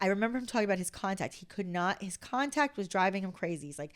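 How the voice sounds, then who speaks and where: Lively storytelling woman in her fifties. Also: medium pitch, quick pace, few pauses. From New Jersey, USA. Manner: animated, acts out quotes, many fillers of "like". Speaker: podcast guest. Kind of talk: casual anecdote storytelling.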